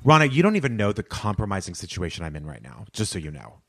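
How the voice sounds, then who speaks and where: A man co-hosting a podcast in casual chat, animated, swinging from loud remarks to low muttering. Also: fast. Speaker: podcast co-host.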